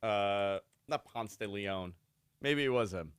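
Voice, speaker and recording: A man's voice: lowish voice, slow pace, smooth, no room sound, clean studio sound. A man co-hosting a talk show, joking and laughing as he tells stories in casual chat. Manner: animated, joking storyteller who laughs often.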